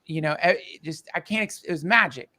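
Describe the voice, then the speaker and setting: A man telling a personal story in casual conversation, halting and emotional, with many restarts and fillers. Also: on the high side, pushed and bright. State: tearful.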